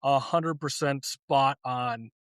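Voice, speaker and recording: A man's voice: medium pitch, slow pace, a bit bright, no echo. A man co-hosting a pop culture podcast, chatting casually with fillers and easy laughter. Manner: chatty, laughs easily, many fillers and restarts. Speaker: podcast co-host. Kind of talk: casual chat.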